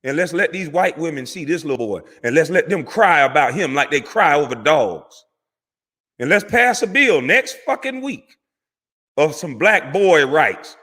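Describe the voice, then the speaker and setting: A man's voice: fairly high pitch, pushed and bright, breathy edge. A man, a former pro athlete, delivering a heated, profane, preachy rant to camera that repeats words for emphasis. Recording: long hall reverb.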